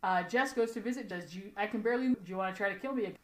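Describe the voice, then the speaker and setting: A woman's voice: medium pitch, very fast. A woman co-hosting a podcast, recapping an episode in casual chat, giggling and acting out the characters' lines. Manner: chatty, giggly, acts out characters' lines in quotes. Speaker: podcast co-host. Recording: roomy echo.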